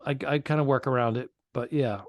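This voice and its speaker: A man from Rhode Island co-hosting a casual comedy podcast over a video call, rambling with halting restarts and fillers. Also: mid-range voice, steady tone, dry recording, clean studio sound. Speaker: podcast co-host. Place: remote call, traveling abroad.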